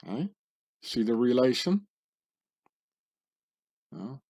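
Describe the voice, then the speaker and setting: A channel host speaks slowly in a slightly mellow, medium-pitched voice while discussing images on screen. His tone is sardonic and conspiratorial, and he tends to tag his comments with questions.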